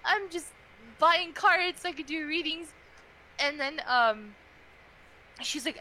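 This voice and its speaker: A young adult woman chatting casually on a podcast, telling a story in a chatty, animated way with many fillers. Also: sits high, unhurried, pauses often, slight background noise, poor audio.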